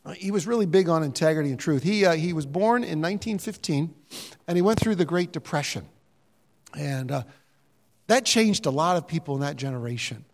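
A man's voice: a little high, fairly quick. Older man preaching in a reverberant hall. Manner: animated, mimics voices, jokey asides. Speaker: pastor. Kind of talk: sermon.

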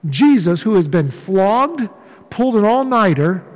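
A man preaching a sermon in an animated way, acting out the voices of the people in his story. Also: high voice, unhurried. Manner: animated, acts out voices of disciples. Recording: long reverb of a large hall.

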